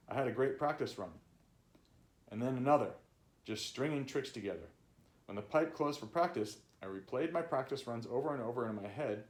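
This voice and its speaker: A man's voice: mid-range voice, a little mellow, echoey room. Man reading his memoir casually. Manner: loose, conversational, swears and laughs.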